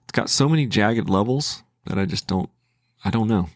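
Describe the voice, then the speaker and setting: A man's voice: lowish voice, animated, normal speed, no room sound, studio quality. A man giving casual, hesitant commentary as a trading channel host, thinking aloud with restarts.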